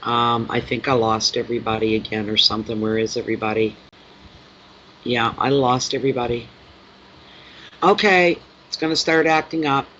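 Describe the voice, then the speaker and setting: A man's voice: medium pitch, steady tone, moderate pace, long pauses, pushed and bright. A man who reads tarot, chatting casually on a live stream, rambling and talking fondly to his cat. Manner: rambling, fond baby talk to his cat. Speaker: tarot reader. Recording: dull lo-fi sound with faint noise.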